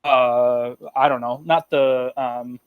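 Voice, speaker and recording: A man's voice: mid-range voice, little pitch movement, slow pace, phone-quality sound. A man co-hosting a podcast in casual chat, rambling and swearing, with lots of fillers. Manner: loose, profane, rambling with fillers. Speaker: podcast co-host.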